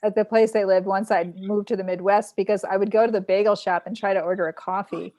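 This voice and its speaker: A woman's voice: mid-range voice, fast, dry recording. A woman from Long Island in a casual group chat, telling stories and acting out the quotes. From Long Island, New York. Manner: animated storyteller acting out quotes.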